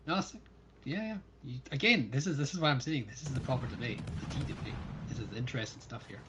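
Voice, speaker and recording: Brief: animated Scottish guy, playful banter on a game stream, noisy mic. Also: mid-range voice, quick pace. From Scotland. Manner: chatty and playfully opinionated. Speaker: fellow player on a livestream. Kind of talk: casual gaming livestream chat.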